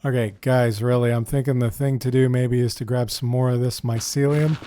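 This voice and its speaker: Gameplay commentator: man, mellow tone, chatty, thinks out loud, casual delivery. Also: medium pitch, steady tone, a little fast, slight background noise. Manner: chatty, thinks aloud, often says "dude". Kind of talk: casual let's-play commentary.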